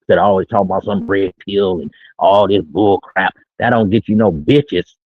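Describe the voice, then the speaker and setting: A man's voice: low voice, normal speed, no room sound. A middle-aged man streaming from his own small studio, talking brash, boastful, slangy street talk in a casual monologue. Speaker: streamer giving dating talk. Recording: tinny phone-like line.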